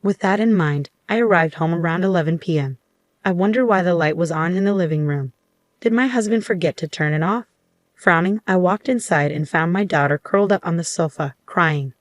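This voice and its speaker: Lady telling her story, steady and measured, low voice, dead dry sound. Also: no room sound. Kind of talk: first-person story narration.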